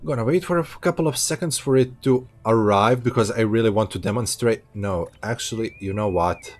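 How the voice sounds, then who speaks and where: A man's voice: mid-range voice, fairly quick, faint music behind. A man giving casual, chatty commentary while streaming a space game from a hot room at home, laughing easily and correcting himself. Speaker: gameplay streamer.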